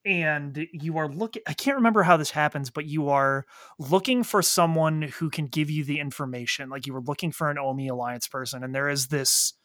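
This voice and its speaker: Bright-voiced man excitedly retelling a plot. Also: on the high side, dry recording, studio quality. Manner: animated, profane storytelling with quick quoted voices. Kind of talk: casual chat retelling a video game plot.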